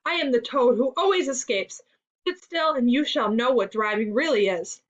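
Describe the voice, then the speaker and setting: A woman voicing a boastful, reckless male toad who is excitable and full of himself, in a storybook reading. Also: a little high, moderate pace, natural voice. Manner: excitable and self-admiring. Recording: dull lo-fi recording.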